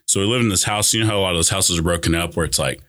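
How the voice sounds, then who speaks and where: A man's voice: low voice, racing, fairly bright tone. A young man telling a personal story in casual chat, rambling with many fillers and restarts. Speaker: guest.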